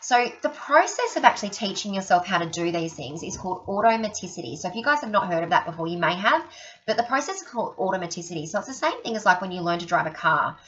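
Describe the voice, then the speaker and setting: A woman's voice: medium pitch, big pitch swings, fast, a bit bright. A woman giving a chatty training talk to fellow sales consultants, acting out the people in her stories. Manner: chatty storyteller, acts out quotes, many "okay?" asides. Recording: dull lo-fi recording.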